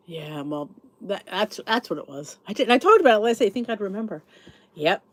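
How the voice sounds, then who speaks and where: A woman's voice: medium pitch, lively intonation, brisk, fairly bright tone. A middle-aged woman hosting a podcast, chatting in a rambling, sleepy way as she thinks aloud and answers comments. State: sleepy, yawning. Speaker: podcast host. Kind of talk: casual chat reading live comments.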